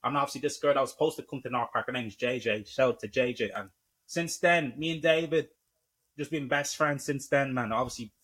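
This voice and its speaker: Husky young Irishman, laid-back banter. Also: medium pitch, brisk, fairly bright tone. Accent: Irish, Dublin. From Ireland. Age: young adult. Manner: says "man" and "obviously" constantly, bantering. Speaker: guest. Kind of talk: casual podcast chat.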